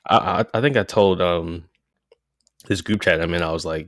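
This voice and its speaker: A man co-hosting a podcast, talking sports in a relaxed way with lots of fillers. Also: deep voice, normal speed, dry recording, studio quality. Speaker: podcast co-host. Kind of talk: casual sports chat.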